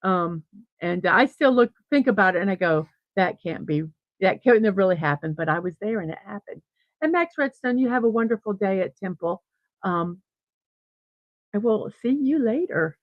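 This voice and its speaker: A woman's voice: mid-range voice, normal speed, dry recording, lo-fi sound. A middle-aged woman hosting a casual morning livestream, telling a rambling story and chatting with viewers. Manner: rambling, animated storyteller with restarts and laughs. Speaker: host of a daily morning livestream. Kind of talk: casual storytelling and chat reading viewer comments.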